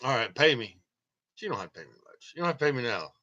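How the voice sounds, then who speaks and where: A man's voice: medium pitch, sing-song, fast talker, pushed and bright, lo-fi sound. Joking man rambling on a stream. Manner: joking, rambling, laughs often. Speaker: channel host. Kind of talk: casual rambling livestream monologue.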